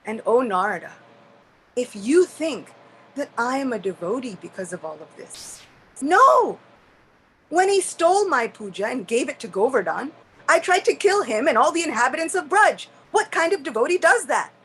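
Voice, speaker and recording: A woman's voice: high-pitched, sing-song, moderate pace, fairly bright tone, breathy edge, full character voice, low-quality recording. A woman voicing Indra, a proud male king of heaven who confesses his faults with indignant outbursts, in a devotional story.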